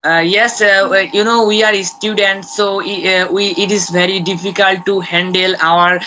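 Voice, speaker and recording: A student guest on a video call, speaking carefully and haltingly with frequent fillers. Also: medium pitch, steady tone, bright, forceful tone, slight background noise, rough recording. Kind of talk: casual conversation practice.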